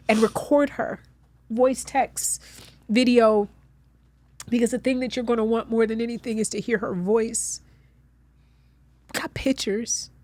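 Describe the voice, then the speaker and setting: A middle-aged guest actress speaks earnestly in a heartfelt conversation in a studio with an audience, becoming emphatic as she comforts someone. Her voice is a little high and a little mellow, and the recording is dry.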